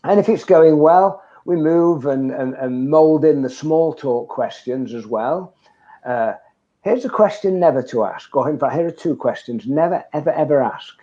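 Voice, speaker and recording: Older guy telling networking stories, lively, mellow voice, lo-fi muffled sound. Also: on the high side, normal speed. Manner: lively, anecdotal, emphatic. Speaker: guest, networking trainer. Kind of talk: conversational interview. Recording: dull lo-fi sound.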